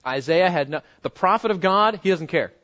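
Emphatic high-voiced male preacher, lo-fi. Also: expressive, brisk, fairly bright tone. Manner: emphatic, rising and dropping to near murmurs, rhetorical questions. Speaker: pastor. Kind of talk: expository sermon.

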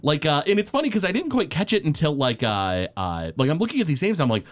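Guy on a podcast, mid pitch, swoops up and down a lot, lots of uh and like, keeps restarting. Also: very animated, fast talker. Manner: rambling, many fillers and restarts. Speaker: podcast co-host. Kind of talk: casual chat.

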